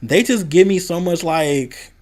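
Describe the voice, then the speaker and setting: Unhurried and fairly high-pitched, with a darkish tone, this young Midwestern vlogger airs his frustrations about a former job. He speaks candidly in a casual format, quoting others in a raised voice.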